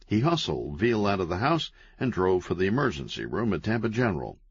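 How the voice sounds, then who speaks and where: A man narrating an audiobook in a wry, deadpan storytelling manner. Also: deep voice, brisk, breathy edge, no room sound. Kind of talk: scripted narration. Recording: dull, lo-fi, dry.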